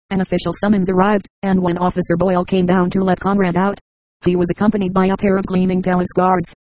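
An audiobook narrator reading a science-fiction novel in an even, steady manner. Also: mid-range voice, no room sound, rough recording.

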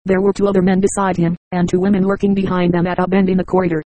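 A synthetic text-to-speech voice reading a novel aloud with an even, mechanical delivery. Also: mid-range voice, rapid-fire, no echo, rough recording. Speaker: audiobook reader. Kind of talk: scripted narration.

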